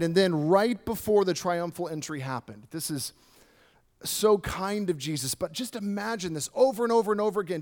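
Animated, conversational male preacher. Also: sits high. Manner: conversational, animated, reads and explains scripture. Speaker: pastor. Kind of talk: sermon.

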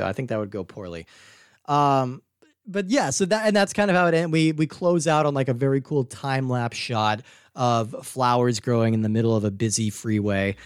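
A man co-hosting a podcast chats about a movie in an animated, rambling way, full of "like" and restarts. His smooth, medium-pitched voice moves at a moderate pace, recorded in studio quality with no echo.

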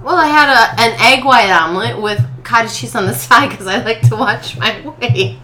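A woman's voice: a little high, normal speed, sharp tone, faint music behind. A woman guest in casual chat, telling a story animatedly and laughing often. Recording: echoey room with background noise.

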